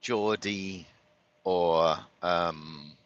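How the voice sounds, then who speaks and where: A man's voice: deep voice, very slow, no echo, muffled recording. A man from London with a London accent, chatting casually and rambling while he drives, laughing often. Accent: London English. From London, England. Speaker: vlogger. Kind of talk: casual chat while driving.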